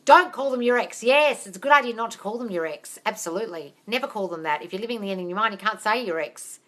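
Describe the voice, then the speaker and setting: A woman's voice: medium pitch, animated, fast, a bit bright. A woman hosting a live-stream Q&A as a manifestation coach on a phone. She talks chattily and emphatically, calls her viewers darling and laughs often.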